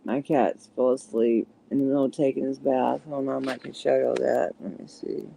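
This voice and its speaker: A woman's voice: a bass voice, flat delivery, normal speed, vocal fry, warm tone, a little hiss or hum. A middle-aged woman with a heavy Southern country accent, chatting casually on a livestream and sometimes stumbling over her words. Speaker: livestream host. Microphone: phone.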